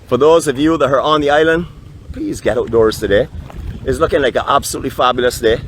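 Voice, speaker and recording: A man's voice: medium pitch, quick pace. A Barbadian man hosting a live vlog from a raft off the beach, chatting like a welcoming tour guide, picked up by the camera mic with no external microphone. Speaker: vlog host. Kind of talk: live outdoor vlog narration. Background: faint wind.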